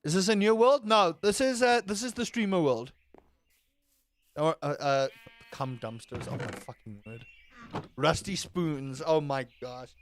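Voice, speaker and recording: A man's fairly high, fairly bright voice comes with a little hiss or hum. While streaming a game in a casual live chat, he rambles and jokes at his own expense, reading his chat messages aloud and replying to them.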